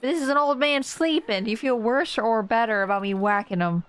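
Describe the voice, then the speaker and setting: A woman's voice: fairly high pitch, brisk. A woman streamer chatting casually while she plays a game, rambling and laughing often.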